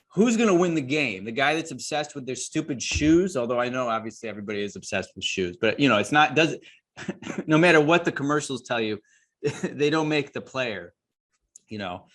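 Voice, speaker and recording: A man's voice: medium pitch, expressive, a little fast, fairly bright tone. A man hosting an interview, talking emphatically and addressing his listeners as guys. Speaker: host and course creator.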